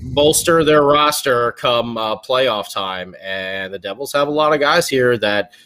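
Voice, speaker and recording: A man's voice: medium pitch, unhurried, bright, forceful tone, slight background noise. A man hosting a podcast, chatting casually about hockey trades in a rambling way with many restarts. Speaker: podcast host. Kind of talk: casual sports chat.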